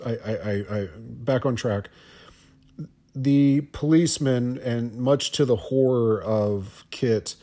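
A man's voice: medium pitch, mellow. Rambling man hosting a movie podcast. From Ohio. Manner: rambling, stammers and restarts, wry asides. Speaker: guest podcast host. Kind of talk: casual movie commentary podcast.

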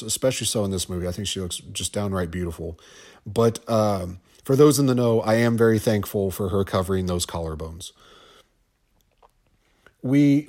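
A man's voice: on the low side, a little mellow. A man co-hosting a film podcast, rambling through his commentary and often stumbling and repeating words. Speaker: podcast co-host discussing a film.

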